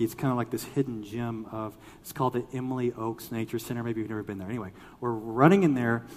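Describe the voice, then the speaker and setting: Animated preacher man in a reverberant hall. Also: medium pitch. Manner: animated storytelling, acts out quoted voices. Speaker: pastor. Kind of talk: sermon.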